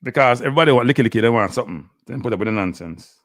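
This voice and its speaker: Fast, animated Jamaican man, heated scolding commentary, dry, close. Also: medium pitch, dry recording. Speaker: host.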